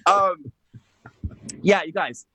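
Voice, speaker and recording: A man hosting a political talk show, excitable and gushing, rambling with many restarts and self-corrections. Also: sits high, drawn-out words, no echo, poor audio. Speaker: host.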